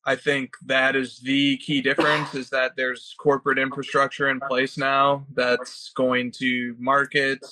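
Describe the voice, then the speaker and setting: A man's voice: mid-range voice, completely flat delivery, unhurried, hardly any pauses, pushed and bright, rough recording. A man co-hosting a casual podcast chat, wry and talkative, reading out listener questions. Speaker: co-host of a collecting podcast.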